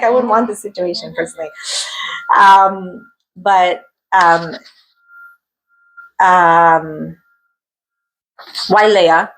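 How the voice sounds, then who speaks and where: Animated woman teaching a Torah lesson. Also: mid-range voice, a little hiss or hum, poor audio. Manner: lively, questioning, acts out the figures' voices; sprinkles Hebrew terms, rhetorical "right?". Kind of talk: weekly Torah portion class.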